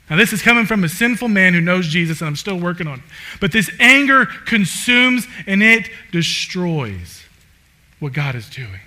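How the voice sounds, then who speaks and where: A man preaching a sermon in a casual, conversational way, full of "like" fillers, swinging from loud emphatic bursts to low quiet asides. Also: normal speed. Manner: animated, rising loud and emphatic then dropping low.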